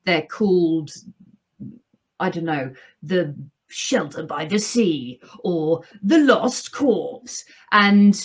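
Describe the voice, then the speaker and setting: A woman, an author and audiobook narrator, chatting as a podcast guest in a lively, playful way, laughing often. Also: fairly low pitch. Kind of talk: casual podcast interview.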